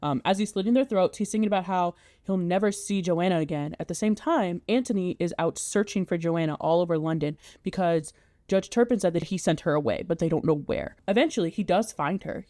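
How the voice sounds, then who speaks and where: A woman's voice: fairly low pitch, warm tone, no room sound, clean studio sound. A woman giving a casual, chatty plot recap as a video essayist, talking in a loose conversational way.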